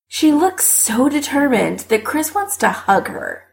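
A woman reading fiction aloud as an audiobook narrator in an expressive way. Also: fairly high pitch, unhurried, creaky, hardly any pauses.

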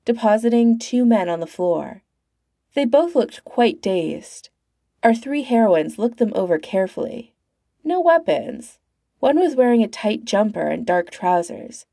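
A woman reading a fan-fiction story aloud in an expressive storytelling voice. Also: mid-range voice, gravelly, dry recording, studio quality. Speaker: reader.

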